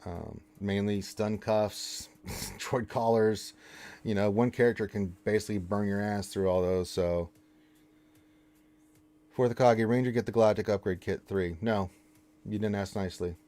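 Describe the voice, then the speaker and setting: Male game streamer, lowish voice, relaxed chat with the viewers, playfully scolds them for bad manners. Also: unhurried. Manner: playful, mock-stern teasing. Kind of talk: casual live-stream chat.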